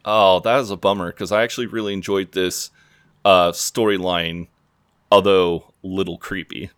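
A man co-hosts a podcast in a very deep voice, recapping a TV episode in loose, sweary chat full of fillers. The recording is close and dry with no room sound, and his tone stays offhand. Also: steady tone, moderate pace, fairly bright tone, clear, resonant tone, no echo. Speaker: podcast co-host.

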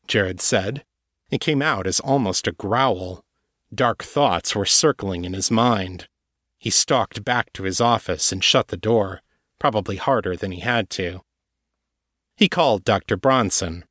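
Low-voiced man reading an audiobook. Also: a bit bright, no room sound, studio quality. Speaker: audiobook narrator. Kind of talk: scripted narration.

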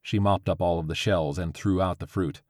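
A man narrating a story with a steady, even reading. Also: low-pitched, normal speed, dry recording, studio quality.

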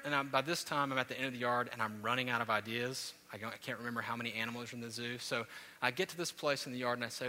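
A man in his thirties preaches in a church sanctuary, his voice very bright and forceful. A long reverb trails each phrase, and his storytelling swells into loud, animated peaks before settling back. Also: mid-range voice, racing. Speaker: pastor. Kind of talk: sermon.

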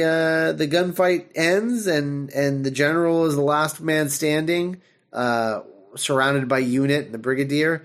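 Male podcast host, casual chat, animated, laughs a lot, slightly high voice. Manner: animated, full of fillers, laughs often. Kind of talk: casual chat recapping an episode.

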